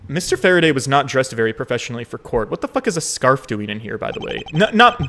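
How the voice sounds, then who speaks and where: A man's voice: mid-range voice, sing-song, fast, pushed and bright, slight background noise. A man giving casual, joking commentary while playing a game, swearing freely and talking to viewers. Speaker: let's play host.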